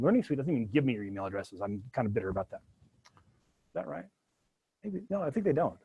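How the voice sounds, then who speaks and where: Husky, animated male coding instructor. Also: mid-range voice, fast talker. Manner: animated, jokey asides while working through code. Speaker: university instructor. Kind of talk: live classroom coding lecture.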